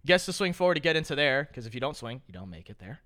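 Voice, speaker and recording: A man's voice: mid-range voice, very animated, fast talker, fairly bright tone. A young man hosting a podcast, chatting casually with loose, profane, joking banter. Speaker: podcast host. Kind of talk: casual reaction chat.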